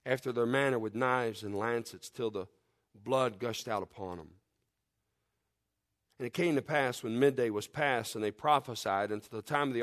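A man preaching a sermon with fervent, emphatic delivery, reading scripture in old-fashioned wording and leading a prayer. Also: mid-range voice. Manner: fervent, rising to loud emphatic peaks then dropping quiet; reads scripture in King James wording.

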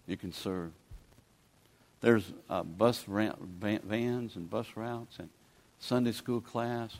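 A man's voice: on the low side, slow pace, a little mellow. A man, preaching a sermon in a folksy, pleading, conversational way as a guest preacher. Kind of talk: sermon with altar call.

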